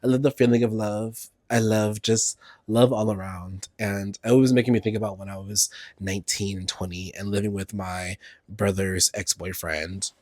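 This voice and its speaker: A young adult man hosting a casual solo podcast, sassy and campy, often jumping into high exclamations. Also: level tone, moderate pace, a little mellow, no room sound. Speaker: podcast host.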